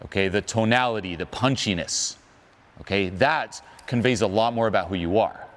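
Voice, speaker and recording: A man's voice: lowish voice, expressive, normal speed. A man coaching on social skills in an emphatic motivational talk, asking the audience questions.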